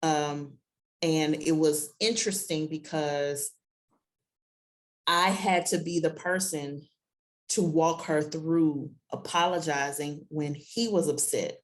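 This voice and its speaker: A woman's voice: low-pitched, steady tone, slow pace. A woman in her thirties, a podcast guest, telling parenting stories casually and often acting out quoted voices. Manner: acts out her child and herself in quoted voices, laughs often. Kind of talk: casual conversational storytelling.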